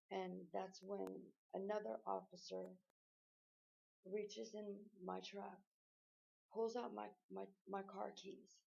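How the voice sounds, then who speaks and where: Gravelly, husky woman recounting an ordeal. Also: medium pitch, warm tone, muffled recording. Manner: halting, emotional retelling with many restarts. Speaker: person recounting an arrest. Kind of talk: personal spoken account.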